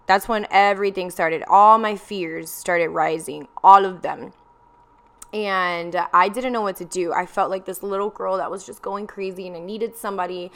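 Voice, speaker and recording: A woman's voice: lowish voice, steady tone, moderate pace, a bit bright. A young woman telling a candid personal story in a confessional vlog, with plenty of ums and likes.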